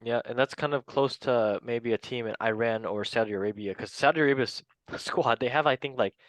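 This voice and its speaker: A man's voice: mid-range voice, a little fast, no room sound, poor audio. A man hosting a casual football chat, playful and laughing often as he stumbles over player names. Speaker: podcast host.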